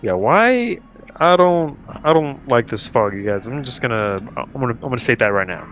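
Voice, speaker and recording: A man's voice: medium pitch, lively intonation, normal speed, a bit bright, soft background music. A man playing a tabletop role-playing game, rambling and repeating himself as he decides what his character does. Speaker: player. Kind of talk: casual tabletop play.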